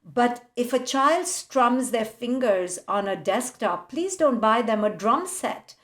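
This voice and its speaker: A woman psychologist talks as a podcast guest, with a fairly high voice. She tells lively stories and acts out parents' voices with frequent laughs. The room around her is echoey. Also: slow pace. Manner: animated storyteller acting out parents' voices, laughing often. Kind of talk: podcast interview conversation.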